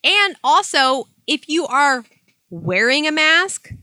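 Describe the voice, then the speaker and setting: A young adult woman in casual chat, cursing freely and telling animated stories. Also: sits high, slow pace, no echo. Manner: profane, animated storytelling.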